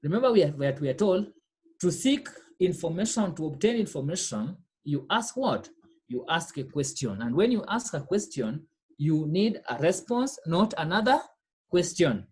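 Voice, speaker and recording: A woman's voice: low voice, big pitch swings, normal speed, a little mellow, slightly rough. Patient woman teaching French. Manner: explains patiently, repeats phrases, checks understanding with "okay?". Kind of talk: online class lesson.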